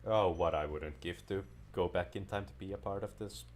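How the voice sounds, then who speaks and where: A man with a low-pitched voice speaks at a moderate pace, with slight background noise in the recording. As a gaming YouTuber, he gives casual, playful commentary while he plays, rambling and joking along the way.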